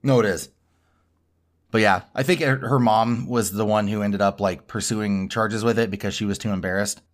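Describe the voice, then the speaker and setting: Rambling, laughing podcast host. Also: male voice, fairly low pitch, fairly even intonation, normal speed. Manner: rambling, laughs often, acts out quotes. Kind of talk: casual chat recapping a reality show.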